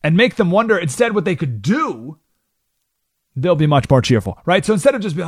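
A male radio host tells a history story in a loose, conversational way, and his pitch climbs and drops a lot as he acts out quotes. His voice sits a little high for a man, and the sound is close and dry with no room echo. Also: brisk. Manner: casual, animated storytelling, acting out quotes in voices. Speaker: radio talk show host. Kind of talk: radio monologue retelling history.

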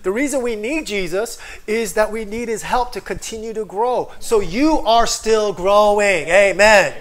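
Speaking unhurriedly in a high voice, a male pastor delivers an energetic online sermon. He is a foreigner living in Korea who often asks for an amen and voices people's inner thoughts aloud.

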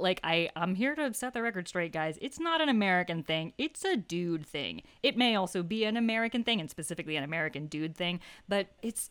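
A woman's voice: fairly low pitch, clear, resonant tone. A woman co-hosting a podcast, chatting about a film in a reflective, laughing way. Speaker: podcast co-host. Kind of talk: casual film discussion.

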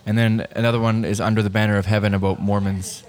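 Low-voiced guy rambling thru book recs at a diner table, casual podcast chat. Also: flat delivery, quick pace. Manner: rambling, self-correcting. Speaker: podcast co-host.

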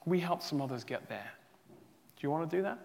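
A male pastor preaching a sermon in a church hall, earnest and emphatic, rising to loud peaks and sometimes stumbling over his words. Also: a little high, lively intonation, a little fast, gravelly. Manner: restarts and stumbles, emotional. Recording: long hall reverb.

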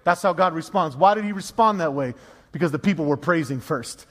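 High-voiced emphatic preacher in a reverberant hall. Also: male voice, fairly quick, fairly bright tone. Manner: emphatic, repeats phrases for effect. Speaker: pastor. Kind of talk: sermon. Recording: long reverb of a large hall.

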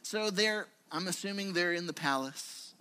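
In a church, a pastor with a high, clear, resonant voice preaches conversationally at normal speed. He tells animated stories and performs the quotes within them.

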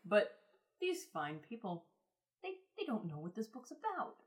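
A woman hosting a podcast in casual chat, rambling and excitable, with lots of fillers. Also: medium pitch, moderate pace. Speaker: podcast host.

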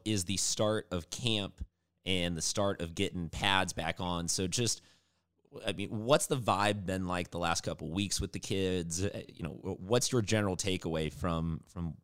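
A man's voice: sits low, moderate pace. A man hosting a local sports show, chatty and upbeat as he interviews a coach. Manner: chatty, upbeat, animated in sign-off. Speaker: sports podcast host.

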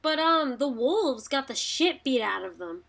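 A woman's voice: sits high, animated, a little slow, gravelly, a bit bright. A woman co-hosting a casual podcast, rambling and chatty with frequent fillers. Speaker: podcast co-host. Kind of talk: casual chat.

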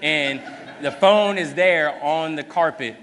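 A man's voice: fairly high pitch, takes it slowly. Man preaching in a reverberant hall. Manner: conversational, animated storytelling with many fillers. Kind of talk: sermon.

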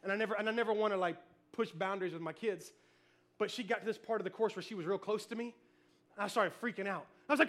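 A male pastor preaching a sermon, telling family stories with animated energy, shouting cheers and then dropping soft. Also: high voice, fast talker.

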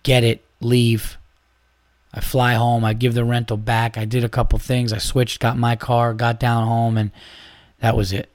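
A man hosting a podcast, telling stories in a casual, animated way, acting out quotes and swearing freely. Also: medium pitch, measured pace, no room sound. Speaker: podcast host. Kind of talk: casual chat.

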